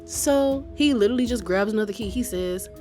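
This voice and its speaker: A woman in a casual storytime vlog, talking straight to her viewers in a mid-range voice. She keeps it lively, with frequent laughs as she tells her story. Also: medium pitch, a little fast, faint music behind. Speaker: vlogger telling a personal story.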